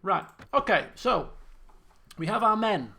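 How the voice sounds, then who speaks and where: A man's voice: sits high, very animated, takes it slowly, creaky, bright, forceful tone, slightly rough. A man commentating a game he plays, chatty and rambling with self-mocking jokes. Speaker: gaming video host. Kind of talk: let's play commentary.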